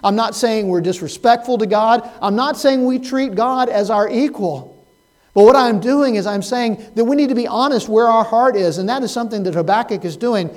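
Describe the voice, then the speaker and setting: A man preaching a Sunday sermon as pastor, swinging from loud, pleading cries to hushed, soft words. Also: very high voice, normal speed, rough recording.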